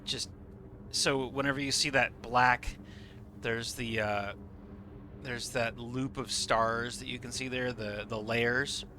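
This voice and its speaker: A man's voice: medium pitch, fairly even intonation, slow pace, sharp tone, slight background noise. A man streaming a game live, explaining what he sees with enthusiasm and casual swearing. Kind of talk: live gameplay commentary.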